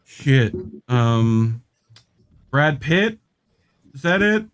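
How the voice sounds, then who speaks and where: A man's voice: mid-range voice, sing-song, drawn-out words, clear, resonant tone. A man with a Minnesotan accent in casual podcast chat, swearing freely and laughing through his banter. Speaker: podcast co-host.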